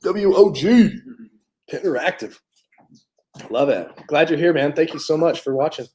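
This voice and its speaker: Laughing, high-voiced man hosting a livestream. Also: moderate pace, a little mellow. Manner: joking, laughs often, greets chat viewers by name. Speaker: recovery livestream host. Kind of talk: casual livestream chat.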